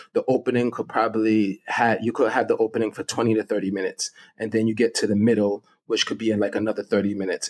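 A middle-aged man, a guest on an interview show, explaining with enthusiasm and laughing often. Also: on the low side. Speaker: guest fragrance connoisseur. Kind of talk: casual interview.

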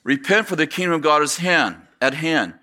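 A man preaching a sermon, telling a lively story and acting out the voices of the people in it, with many fillers and restarts. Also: on the high side, moderate pace. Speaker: pastor.

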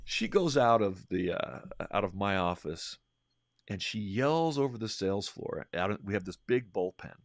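A man's voice: low voice, lively intonation, a little slow, no room sound, studio quality. A middle-aged man, a host and leadership trainer, telling a workplace story in a rambling conversational way, often restarting and acting out quoted lines.

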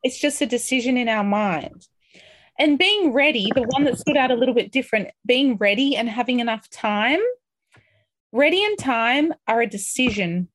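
A woman coaching a group on a call, upbeat and encouraging, talking through feelings and sometimes acting out excitement. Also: on the high side, normal speed, dry recording. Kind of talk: motivational coaching talk.

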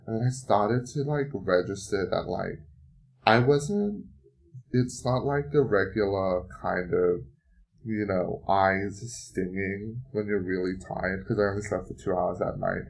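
A man with a fairly low voice tells a story casually, swearing freely. His delivery is animated and theatrical, often jumping suddenly higher and louder for emphasis. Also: unhurried, vocal fry. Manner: animated, profane, dramatic swings in pitch and loudness. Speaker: podcast host.

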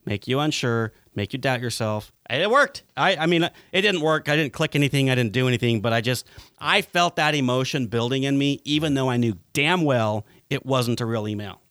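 A man hosting a podcast, telling stories in a lively way and swearing freely. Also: medium pitch, fairly quick, no echo, clean studio sound. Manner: animated storytelling, swearing freely. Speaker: podcast host. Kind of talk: casual podcast chat.

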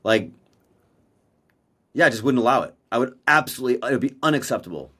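A man's voice: medium pitch, expressive, fast talker, a bit bright, husky. A man co-hosting a podcast in casual chat, blunt and profane, a self-described verbal processor talking over a video call. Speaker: podcast co-host. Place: Maui.

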